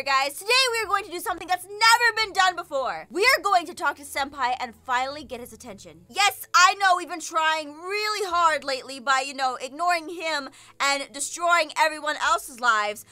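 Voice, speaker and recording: A young woman with a very high, bright voice commenting on a video game as its host. She talks in a bubbly, gushing way, her pitch leaping around expressively. Light game music plays underneath. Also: dry recording. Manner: bubbly, gushing, with giggles and squeals. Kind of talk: let's play commentary.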